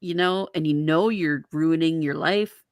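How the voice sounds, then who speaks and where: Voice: mid-range voice, a little slow, no echo, studio quality. A speaker joining a casual chat with wry, playful banter.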